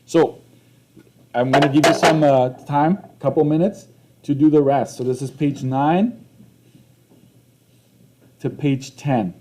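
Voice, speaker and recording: Casual male math teacher, mellow voice. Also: fairly high pitch, fairly even intonation, slow, pauses often. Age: young adult. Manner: conversational, repeats himself, frequent "okay?" check-ins. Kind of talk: classroom lesson walkthrough. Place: classroom.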